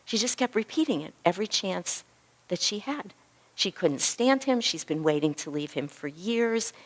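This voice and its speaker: A woman's voice: mid-range voice, moderate pace. A middle-aged woman, a physician and spiritual teacher, telling a story to a class and acting out the dialogue. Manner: animated storyteller who acts out dialogue.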